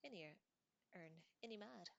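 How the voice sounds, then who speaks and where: A woman voicing an excitable, gossipy young male bus conductor, in a whispered storybook reading. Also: mid-range voice, moderate pace, vocal fry, dull audio, pitched above the performer's own voice.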